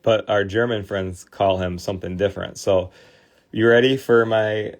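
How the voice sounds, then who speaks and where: A man's voice: fairly low pitch, steady tone, normal speed. A man in his forties from Michigan with a Midwestern accent, chatting casually with viewers as a livestream host, full of fillers and restarts. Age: 40s. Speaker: livestream host restoring trading cards.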